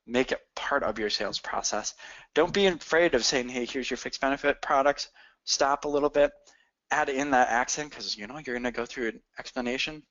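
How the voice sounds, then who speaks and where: A man coaching insurance agents in a sales training talk, energetic and addressing listeners directly. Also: medium pitch, a little fast. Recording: dull lo-fi audio.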